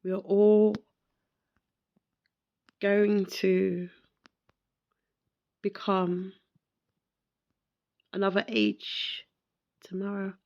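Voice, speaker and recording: Woman podcaster, emotional and reflective, unhurried, raspy fry in her voice. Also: mid-range voice, level tone, highs cut off. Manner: slow, reflective, repeats herself. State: emotional, close to tears. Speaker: podcast host. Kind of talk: emotional personal monologue.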